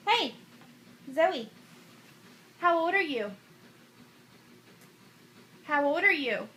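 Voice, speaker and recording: A woman's voice: sits high, lively intonation, very slow, pauses often, fairly bright tone, slight background noise. A mother in a home video, coaxing her baby with sing-song questions and praise.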